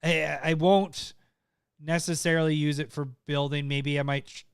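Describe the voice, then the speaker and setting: Laughing, excitable podcast co-host man. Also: fairly high pitch, moderate pace, smooth, dry recording, studio quality. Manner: laughs often, excitable, trails off mid-sentence. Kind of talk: casual chat.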